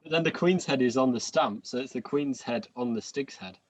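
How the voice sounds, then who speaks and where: Rambling podcast co-host. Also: male voice, mid-range voice, fairly quick, no room sound. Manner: rambling, hesitant, laughs a lot. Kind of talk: casual chat. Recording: dull lo-fi.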